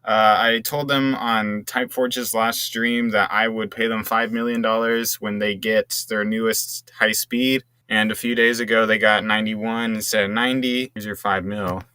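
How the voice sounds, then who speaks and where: A man's voice: on the low side, level tone, normal speed, hardly any pauses, pushed and bright, clean tone, no echo. A young man casually commenting on game cars, enthusiastic and rambling, with restarts. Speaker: gaming video creator.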